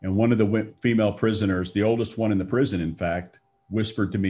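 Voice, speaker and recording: A man's voice: lowish voice, fairly even intonation, quick pace, dark tone. A middle-aged man from Texas, telling a personal faith story in a conversational way and acting out the quoted lines. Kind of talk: storytelling talk.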